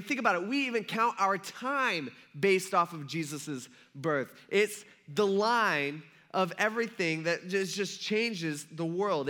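A male preacher who tells the story in a loose, conversational way and keeps turning to the congregation. His voice sits high and sounds bright and forceful. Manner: casual and chatty, talks to the congregation directly. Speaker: pastor.

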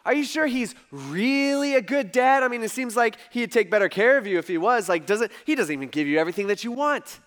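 A man's voice: extremely high pitch, expressive, brisk, few pauses, fairly bright tone. A man voicing Satan as a casual, coaxing tempter who plants doubt with questions. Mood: needling. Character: sly male Satan, smooth tempter.

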